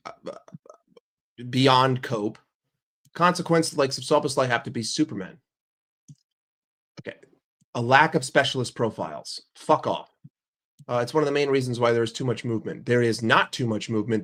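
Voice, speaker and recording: A young man ranting on a livestream about his football team, swearing a lot and firing questions at his chat. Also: medium pitch. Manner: profane, heated and argumentative. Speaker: football streamer.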